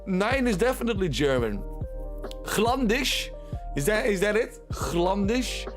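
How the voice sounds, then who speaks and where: A man's voice: high voice, sing-song, fast, over music. Chatty Dutch-accented male streamer. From Netherlands. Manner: chatty, playful, repeats himself. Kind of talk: casual live-stream commentary.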